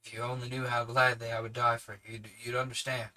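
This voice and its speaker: A man voicing an eager, anxious young gentleman who talks in a hurried rush and stumbles over his words. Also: mid-range voice, flat delivery. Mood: choked.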